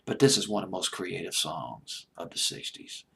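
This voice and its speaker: A man hosting a music show late at night, talking eagerly and rambling, sometimes dropping to a hushed near-whisper. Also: low-pitched, lively intonation, normal speed, creaky, slight background noise. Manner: enthusiastic, rambling, drops to a hushed near-whisper when gushing. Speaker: deejay host.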